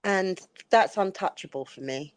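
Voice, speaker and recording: A woman hosting a casual chat, speaking in a measured, firm way. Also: mid-range voice, clear, resonant tone, no echo. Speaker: host.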